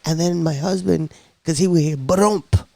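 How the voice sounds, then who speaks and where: A woman on a podcast telling her own story in a casual, lively way, acting out the voices of people she quotes. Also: low voice, fairly quick, vocal fry, dry recording.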